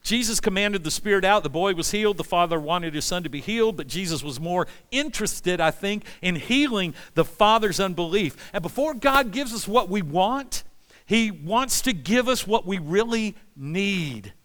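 A man preaching a sermon with passion, swinging between loud pleas and hushed, quiet lines. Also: high-pitched, expressive, moderate pace. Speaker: pastor. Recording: long hall reverb.

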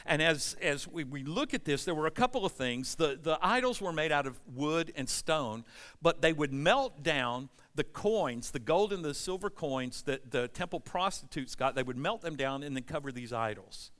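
A man preaching a sermon, reading scripture and explaining it, swinging from loud emphatic stretches to quiet asides. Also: on the high side, moderate pace, long reverb tail. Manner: animated preaching, rising loud at emphasis, dropping soft. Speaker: pastor.

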